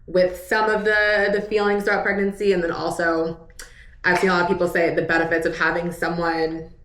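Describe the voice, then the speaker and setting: A woman's voice: fairly low pitch, flat delivery, a little fast, a bit bright, echoey room. A young woman chatting casually in a home vlog, tired, talking loosely with lots of "like" fillers. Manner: chatty, says "like" often. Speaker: vlogger.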